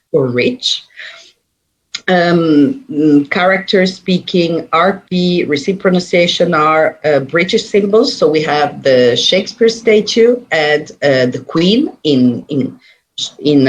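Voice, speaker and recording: A presenter giving an academic conference talk in a measured, halting way, with frequent pauses. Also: medium pitch, husky. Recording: dull muffled recording.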